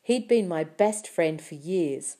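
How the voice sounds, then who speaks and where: A woman reading a novel aloud in the first person, with quiet, measured storytelling. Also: lowish voice, animated. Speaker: audiobook narrator. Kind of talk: first-person audiobook narration.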